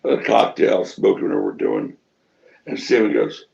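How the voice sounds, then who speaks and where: A man's voice: deep voice, fairly quick, creaky, lo-fi sound. A middle-aged man telling stories in an interview, acting out what people said and swearing freely. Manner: animated storyteller acting out quotes, swears freely. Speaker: wrestling promoter interviewee. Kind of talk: shoot interview storytelling.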